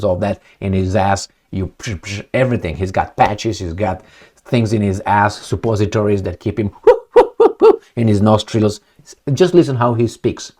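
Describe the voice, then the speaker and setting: Man, lowish voice, sarcastic, rambling, fillers, casual monologue. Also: darkish tone. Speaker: political commentator.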